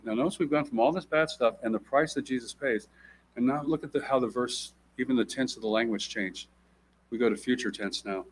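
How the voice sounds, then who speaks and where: Guy preaching a sermon, mid-pitched voice, gets loud then drops quiet, does little voices for quotes. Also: brisk, slight background noise. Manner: emphatic, urgent preaching with sharp rises and drops in loudness; acts out quoted people in raised voices. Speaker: guest preacher.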